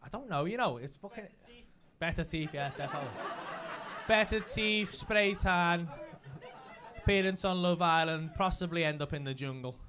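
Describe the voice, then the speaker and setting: A young adult man with a Liverpool accent, telling a comedy story in casual chat, animated and sweary, laughing often. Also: on the high side, normal speed, crowd noise, noisy background. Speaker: stand-up comedian.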